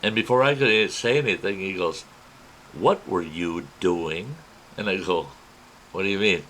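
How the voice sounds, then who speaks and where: A man with a fairly low voice recounts a personal adventure in a folksy, animated way, slipping into the voices of the people he quotes. A faint hiss of background ambience sits under his voice. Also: unhurried, poor audio. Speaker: storyteller. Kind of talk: spoken personal story.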